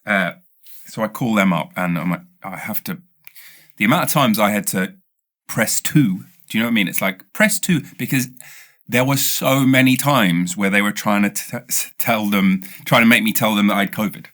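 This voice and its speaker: On a podcast, a man with a British accent and a lowish voice delivers a comedic anecdote at ordinary speed. The telling wanders, full of energy, stumbles and fresh starts.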